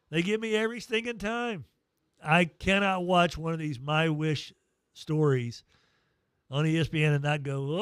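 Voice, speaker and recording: A man hosting a morning sports radio show, telling stories in a lively, emotional, self-deprecating way into a studio mic. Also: on the high side, moderate pace, clear, resonant tone, no room sound. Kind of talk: casual morning radio chat.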